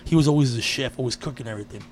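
A man in casual chat, telling a personal story with lively energy and frequent swearing. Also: mid-range voice, racing. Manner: animated storyteller, swears freely.

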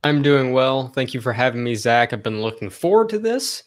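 A man's voice: medium pitch, big pitch swings, moderate pace. A man in his twenties, a podcast guest, explaining himself in a friendly, earnest way at length. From American South. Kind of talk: casual interview chat.

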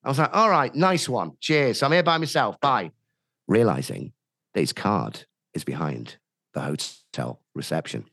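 A middle-aged man spins a rowdy anecdote with a wide, swooping pitch range, acting out each voice in turn. His voice sits close and dry on a studio mic, with no room sound around it. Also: a little slow, no echo. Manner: animated, acts out quoted dialogue with laughs. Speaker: podcast guest, radio DJ. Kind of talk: anecdotal storytelling.

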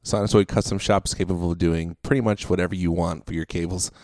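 A man's voice: deep voice, steady tone, fast talker, a little mellow, dry recording. Guy on a podcast cracking himself up telling a story, dry close sound. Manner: laughs often while telling a story. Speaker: podcast co-host. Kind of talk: casual chat and storytelling.

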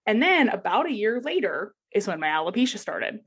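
A woman's voice: mid-range voice, very animated, brisk, a bit bright, slightly rough. A young woman casually telling a personal story in a podcast chat, laughing often and acting out the voices of the people she quotes. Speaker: guest sharing personal story.

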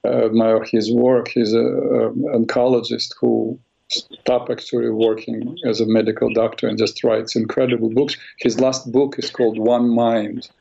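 A man hosting a radio call-in show as a mental health practitioner, calm and affirming, with frequent fillers. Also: mid-range voice, moderate pace, gravelly, breathy edge, dull audio.

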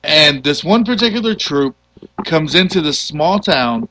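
A man with a slightly higher voice hosts a laid-back movie chat, retelling plots with animated voices and loose, profane asides. He sounds close and dry, with no room around him. His delivery is easygoing and conversational. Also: unhurried, no echo, rough recording. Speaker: podcast host. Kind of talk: casual movie discussion.

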